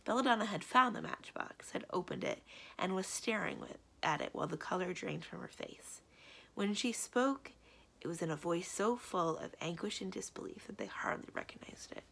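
Expressive woman reading a storybook aloud. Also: lowish voice, normal speed, gravelly, breathy edge. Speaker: librarian. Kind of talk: children's read-aloud narration.

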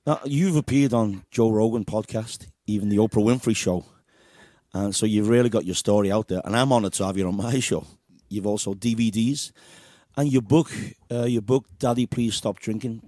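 A man hosting a radio interview, relaxed and affirming his guest. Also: fairly low pitch, moderate pace, no echo, clean studio sound. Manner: relaxed, affirming with short yeahs. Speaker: radio host. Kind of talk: casual interview.

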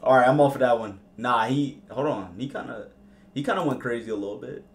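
A young man streaming live as he reacts to rap songs, excitable and slangy, repeating himself. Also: mid-range voice, a little fast, creaky.

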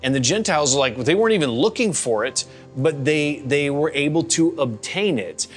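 A man's voice: a little high, lively intonation, moderate pace, faint music behind. A man pastor teaching the Bible in a casual, conversational way, animating the reactions of the people he talks about. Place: church gathering.

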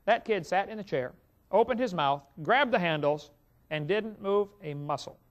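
A man with a high, bright-pitched voice preaches in an animated, folksy way and keeps turning to his audience. The recording sounds dull and lo-fi, as if it came from an old tape. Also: moderate pace. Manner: folksy, animated storyteller who speaks to the audience directly. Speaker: evangelist. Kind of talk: storytelling sermon to an audience.

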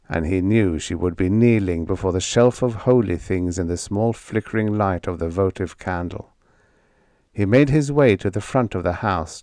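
A man narrates a story in a slow, steady, measured way. His voice sits fairly low, and the recording is dry and close, with no room sound. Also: no room sound. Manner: measured, unhurried reading. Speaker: audiobook narrator. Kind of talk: scripted narration.

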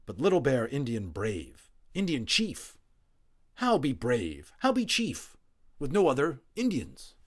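A man's voice: mid-range voice, huge pitch swings, measured pace, pitched above the performer's own voice. Proud terse young chief played by a man, clipped and raised. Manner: broken clipped speech.

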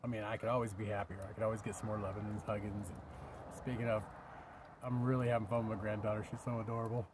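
A man's voice: lowish voice, flat delivery, fast, background noise. An older man rambling to camera in a casual vlog while camping by his vehicle, sometimes dropping to a whisper. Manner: rambling, drops to a whisper at times. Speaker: vlogger.

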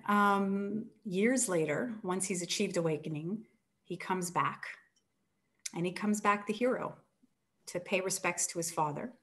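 An author, a woman, retelling an old tale with animated storytelling and acted-out quotes. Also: medium pitch. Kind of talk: book talk, retelling a story.

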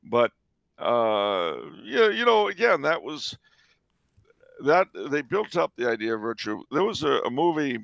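Older man, podcast host, gravelly voice, halting and opinionated, dull lo-fi sound. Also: medium pitch, a bit bright, no echo. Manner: opinionated, hesitant with many uh and um. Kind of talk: casual chat. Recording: dull lo-fi recording.

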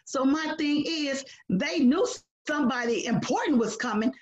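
A woman teaching a children's Bible lesson, animated, acting out lines with sudden loud bursts. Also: high-pitched, moderate pace. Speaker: Sunday school teacher. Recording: roomy, dull lo-fi sound.

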